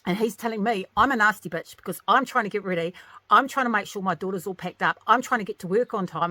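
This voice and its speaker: Bright-voiced woman venting a story. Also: medium pitch, fast, no echo. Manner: animated, venting, exasperated retelling. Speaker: vlogger, single working mother. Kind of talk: casual storytelling to camera.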